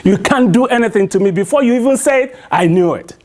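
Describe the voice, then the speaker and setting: Cocky cunning tortoise guy, nigerian man doing the voice, high and quick. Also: lively intonation, a little mellow. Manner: cocky, dismissive. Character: cunning boastful male tortoise.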